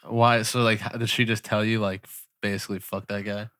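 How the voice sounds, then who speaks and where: A man's voice: on the low side, flat delivery, brisk, a bit bright, clean tone. A young man co-hosting a casual podcast chat, laughing often as he retells funny clips. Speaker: podcast co-host.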